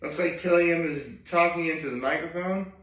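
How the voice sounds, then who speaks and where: A man casually reading through a manga chapter and reacting as he goes, chatty and excitable. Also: on the high side, roomy sound, far from the mic, low-quality recording. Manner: chatty, excitable, reads lines in quick voices.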